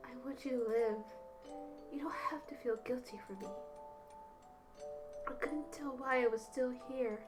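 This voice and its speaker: A woman voicing a frail, sickly boy who doubts himself, speaking quietly and hesitantly. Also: high-pitched, unhurried, pauses often, over music. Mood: sad, quiet.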